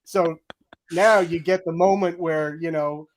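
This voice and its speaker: A man's voice: a little high, steady tone, unhurried. A middle-aged man telling a story with energy in an interview, acting out his own quoted lines. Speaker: guest, game audio director.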